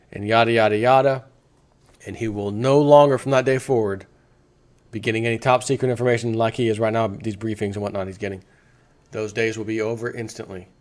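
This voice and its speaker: A man delivering a combative political rant as a vlogger, firing off rhetorical questions and rambling through crude asides. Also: medium pitch. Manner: mocking, slips into sarcastic quoted voices. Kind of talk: ranting opinion monologue.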